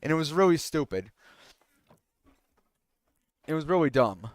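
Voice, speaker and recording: A man's voice: on the high side, very animated, measured pace, no echo. A young man streamer telling a rambling story with many restarts and fillers, sometimes indignant, in casual talk while gaming.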